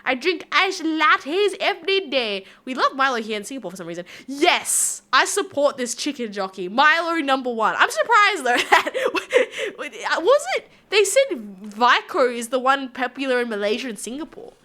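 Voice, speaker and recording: Bubbly, bright-voiced Australian woman. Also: high-pitched, very animated, normal speed, few pauses. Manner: bubbly, rambling, giggly. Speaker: livestreamer. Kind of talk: casual stream chat reading viewer comments.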